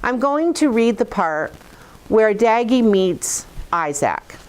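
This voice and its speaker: A woman's voice: on the high side, very animated, takes it slowly, slight background noise. A woman teacher giving a book talk and reading a story aloud expressively. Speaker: fourth grade teacher.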